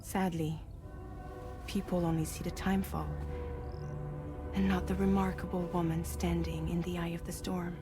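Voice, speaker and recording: An actress voicing a composed woman in a game cutscene who explains a strange phenomenon in a measured, explanatory way. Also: fairly low pitch, little pitch movement, over music, close to an everyday voice. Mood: explaining. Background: game score.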